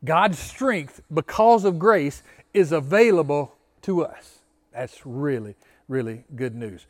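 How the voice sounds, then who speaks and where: Slow and animated, a male pastor's slightly high voice carries an interactive sermon in which he often quizzes the congregation. He repeats key phrases and stammers while restarting.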